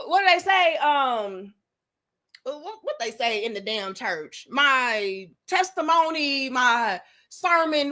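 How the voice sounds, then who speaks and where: A woman's voice: high-pitched, big pitch swings, takes it slowly, bright, forceful tone. A young adult woman, delivering a blunt, profane, preachy opinion monologue as a commentary show host.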